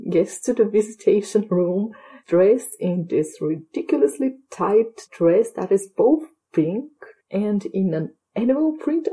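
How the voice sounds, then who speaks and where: A woman's voice: mid-range voice, dark tone, slightly rough, rough recording. A woman giving a chatty, opinionated recap of a TV episode, with wry asides and a voice. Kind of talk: casual spoken episode recap.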